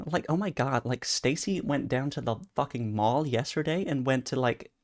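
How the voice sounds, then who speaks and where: A man's voice: mid-range voice, normal speed, natural voice. A man voicing a gossipy young woman with a California Valley girl accent, gushing breathlessly.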